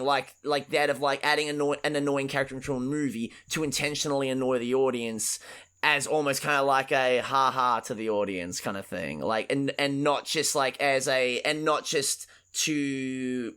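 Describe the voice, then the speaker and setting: A man co-hosting a podcast, talking casually about films in a rambling, profane, excitable way, full of restarts. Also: mid-range voice, moderate pace, clear, resonant tone. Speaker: podcast co-host. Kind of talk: casual film discussion.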